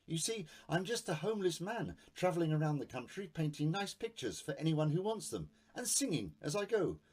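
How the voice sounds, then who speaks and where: Man doing a shy stammery homeless painter guy, high and pleading. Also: very animated, a little fast, a little mellow, slightly rough. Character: meek homeless male travelling artist, foreign.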